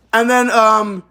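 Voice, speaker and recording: A woman's voice: a little high, sharp tone. A woman giving a casual anime review, rambling through the plot with profanity and laughter.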